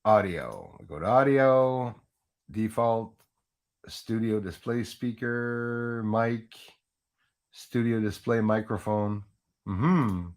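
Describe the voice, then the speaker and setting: A man's voice: mid-range voice, expressive, takes it slowly, darkish tone. A man rambling through a casual live stream from his home setup. He restarts his sentences often and laughs at his own jokes. He talks into a USB microphone. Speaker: livestream host. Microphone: Yeti USB microphone.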